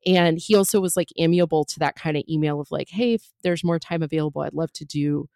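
A woman's voice: sits low, quick pace, vocal fry, warm tone, no echo, studio quality. A woman comedian in her thirties telling a story as a podcast guest, chatty and full of fillers and jokey asides.

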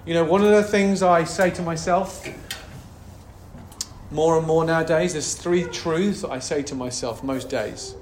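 High-voiced man preaching in a roomy hall. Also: measured pace, slight background noise. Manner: passionate, conversational preaching with asides. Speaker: pastor. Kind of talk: sermon. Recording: roomy echo.

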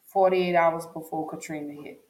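A woman recounts a personal story straight to camera, her voice sitting low and deliberate. She leans on repetition for emphasis, and the recording carries a noticeable room echo. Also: steady tone, darkish tone. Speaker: vlogger. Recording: echoey room.

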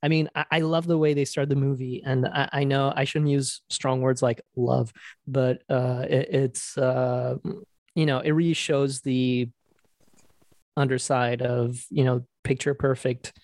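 A man co-hosting a casual podcast over a video call, playful and quick to laugh, joking about putting on a smooth, buttery voice. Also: mid-range voice, flat delivery, a little mellow, dry recording, studio quality. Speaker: podcast co-host. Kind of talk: casual chat. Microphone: computer mic over a video call.

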